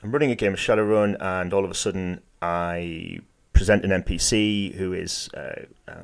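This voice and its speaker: A man co-hosting a podcast in casual discussion, talking in halting bursts with many restarts. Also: low voice, steady tone, creaky. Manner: game master who likes to do voices. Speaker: podcast co-host.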